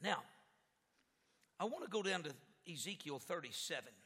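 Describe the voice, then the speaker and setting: A high, very bright male voice preaching a lively sermon, stammering on repeated words and rising into shouts. The long reverb of a large hall rings around him. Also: moderate pace, husky. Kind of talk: animated sermon with a live demonstration.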